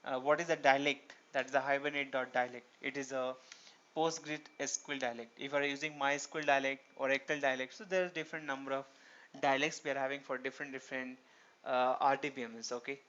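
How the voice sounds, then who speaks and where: A programming instructor with a medium-pitched, slightly bright voice speaks quickly with fairly even intonation. In a screen-recorded tutorial lecture captured on a dull lo-fi recording, he explains step by step and poses rhetorical questions to himself.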